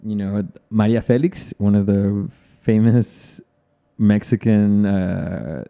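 A man co-hosting a podcast, telling stories and giving advice in an animated way, laughing often in casual banter. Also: on the low side, slow pace, gravelly. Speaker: podcast co-host.

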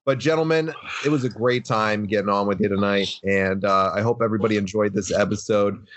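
A man hosts a podcast with an easygoing, chatty delivery and a fairly low voice. The sound is dry and close, with no room echo. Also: a little fast, a bit bright. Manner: easygoing, chatty host wrapping up the show. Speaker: podcast host. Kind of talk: casual chat.

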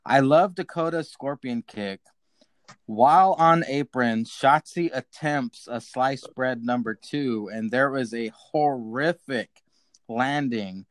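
Male podcast host, relaxed play-by-play recap, close dry mic. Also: mid-range voice, takes it slowly, no room sound. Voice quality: casual, swears, laughs with co-hosts.

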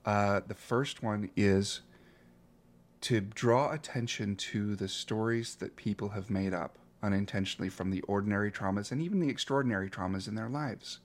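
A man's voice: lowish voice, normal speed. Middle-aged guy on a podcast, earnest, reflective, keeps restarting sentences. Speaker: coach. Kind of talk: interview guest telling a story.

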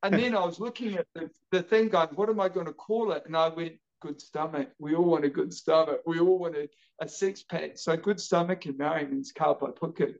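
Energetic man, high voice, from New Zealand, animated storytelling, muffled lo-fi audio. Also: brisk. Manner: energetic, acts out quoted voices. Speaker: podcast guest.

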